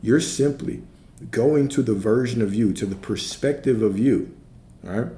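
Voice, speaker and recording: A man's voice: medium pitch, unhurried, dark tone. A man teaching on a livestream and answering his chat in a laid-back way, often repeating himself and checking in with "right?". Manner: repetitive, checks in with frequent "right?". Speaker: spiritual coach and streamer. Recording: roomy sound with faint background noise.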